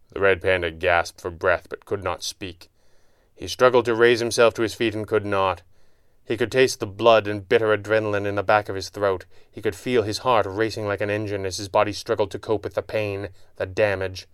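Crystal-clear low-voiced male narrator. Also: fairly even intonation, no echo, studio quality. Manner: measured, dramatic. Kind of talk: audiobook narration.

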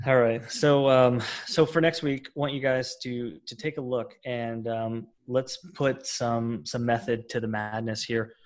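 A man co-hosting a podcast who gives practical advice in a halting way, often repeating his words. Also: medium pitch, steady tone. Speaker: podcast co-host, fasting coach. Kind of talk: casual podcast chat.

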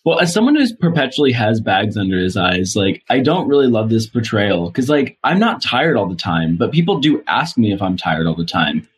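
Husky young guy rambling on a rewatch podcast, lots of likes and ums, dry jokes. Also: fairly low pitch, sing-song, normal speed, few pauses. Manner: rambling, filler-heavy, self-deprecating. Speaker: podcast co-host. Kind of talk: casual rewatch chat.

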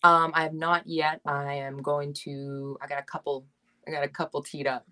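A woman's voice: low-pitched, little pitch movement, moderate pace, sharp tone. A woman talks hockey on a podcast. Her manner is brash and cheerfully profane, full of laughter and trash talk, loose and unscripted. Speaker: podcast guest. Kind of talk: casual podcast chat.

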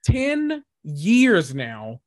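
A woman's voice: fairly low pitch, huge pitch swings, extremely slow, a little mellow, dry recording, studio quality. A woman co-hosting a podcast in casual chat, blunt and dismissive. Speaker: podcast co-host.

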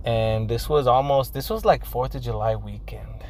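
A man's voice: medium pitch, moderate pace, darkish tone, a little hiss or hum, rough recording. Profane young man. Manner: profane, code-switching between English and Spanish slang. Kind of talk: casual storytelling.

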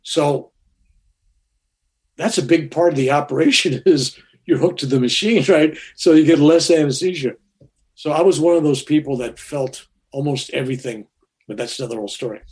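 A man's voice: a little high, normal speed, a little mellow. An older man telling a personal story in a rambling, conversational way, full of fillers and restarts.

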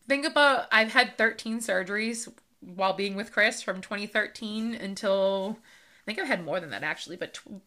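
A woman in her thirties talks through her own life story on a podcast. Her voice is bright and clear, and she speaks in a loose, unscripted way with many fillers. She sounds close to tears at times. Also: medium pitch. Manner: emotional, with frequent fillers and laughs. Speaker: podcast host. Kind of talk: personal storytelling monologue.

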